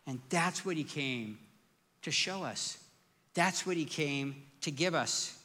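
Man preaching a sermon, squeaky bright tone, lively questions, in a reverberant hall. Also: slow pace. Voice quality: self-described squeaky voice. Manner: conversational, emphatic preaching with rhetorical questions. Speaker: pastor.

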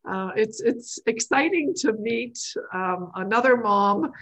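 A woman from Canada hosts a casual chat about faith, with a fairly high voice. She asks questions and laughs easily. Her talk is relaxed and conversational. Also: takes it slowly, poor audio. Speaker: podcast host.

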